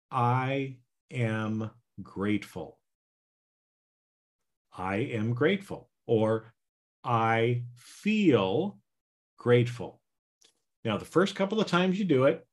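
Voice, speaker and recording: A man's voice: lowish voice, darkish tone. A man hosting a self-help podcast in a casual, folksy way, checking in with listeners by asking "right?" and "okay?". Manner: slow, repeats "right?" and "okay?"; folksy and plain-spoken. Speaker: podcast host, healing coach.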